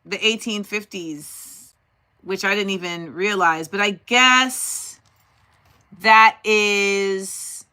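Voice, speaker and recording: A woman's voice: mid-range voice, very slow, sharp tone, smooth. A woman hosting a casual livestream, thinking aloud and talking directly to her chat. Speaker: host.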